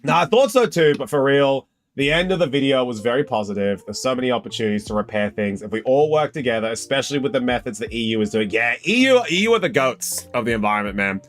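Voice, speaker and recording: A young Australian man hosting a casual live stream, chatty and excitable, calling viewers mate and bro and breaking into loud, high exclamations. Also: quick pace, hardly any pauses. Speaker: live stream host opening trading card packs.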